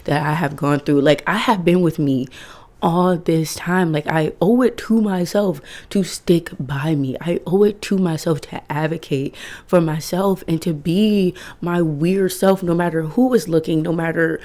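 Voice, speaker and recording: A young woman in her twenties with a notably low, deep voice speaks straight to her viewers. She talks in a candid, emphatic way, swearing freely as she gives casual self-help advice. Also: unhurried, dark tone. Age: 20s. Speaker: vlogger.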